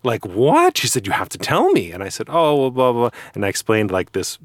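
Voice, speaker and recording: A young man retelling a school memory in casual chat, halting and repeating words. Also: mid-range voice, dry recording, clean studio sound. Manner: halting, repeating words, animated when quoting. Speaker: friend recalling shared school days.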